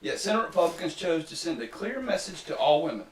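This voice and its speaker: Man, podcast host, sarcastic, a touch high, echoey room, set back from mic. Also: sing-song, quick pace, recorded from a distance, a little hiss or hum. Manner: sarcastic, mocking. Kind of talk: casual political chat, reading quotes aloud.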